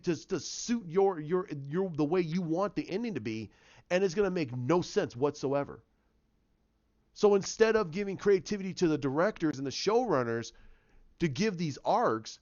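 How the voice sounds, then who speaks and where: A man reviewing a TV episode in a casual vlog, excitable and ranting, repeating himself as he makes his points. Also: on the high side. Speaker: TV show reviewer. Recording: dull lo-fi sound.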